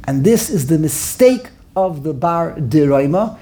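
A man teaching a Talmud class, animated and exclamatory, full of rhetorical questions. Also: fairly high pitch, measured pace.

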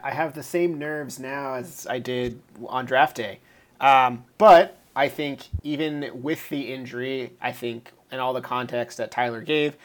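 Male podcast guest, mid-pitched, measured and thoughtful. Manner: measured, weighs options aloud. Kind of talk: casual podcast chat.

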